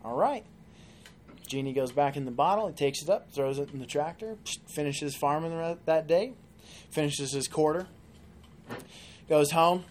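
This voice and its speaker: Guy telling a long joke on a podcast, lively, bit high, faint hum. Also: moderate pace, pauses often. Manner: animated storyteller. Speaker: guest. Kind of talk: casual joke telling and interview.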